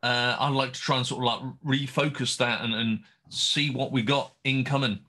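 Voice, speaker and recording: A man playing a tabletop game, speaking haltingly with many fillers. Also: medium pitch, steady tone, bright, forceful tone. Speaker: player.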